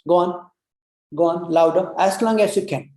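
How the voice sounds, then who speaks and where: Breathwork teacher, soft warm tone, coaxing and repetitive, demonstrates humming; echoey room. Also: medium pitch, normal speed. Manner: coaxing, repeats cues, many "you know" fillers; demonstrates long humming sounds. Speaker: breathwork instructor. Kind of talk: guided breathing lesson. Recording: roomy echo.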